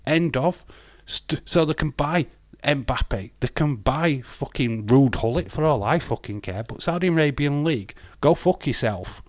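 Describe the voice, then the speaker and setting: An English man hosting a casual live stream, swearing bluntly and ranting, his voice hoarse. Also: mid-range voice, expressive, unhurried, no room sound, clean studio sound. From England.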